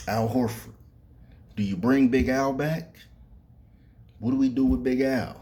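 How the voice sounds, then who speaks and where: A man hosts a sports podcast with a mellow, medium-pitched voice, taking it slowly and pausing often. He speaks straight to the players in a casual commentary monologue that's loose, profane, and packed with fillers.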